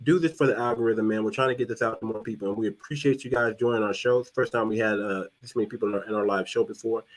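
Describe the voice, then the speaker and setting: A man's voice: lowish voice, fairly even intonation, racing, low-quality recording. A man hosting a live-streamed talk show, thinking aloud as he searches online and talks to his viewers. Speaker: podcast host.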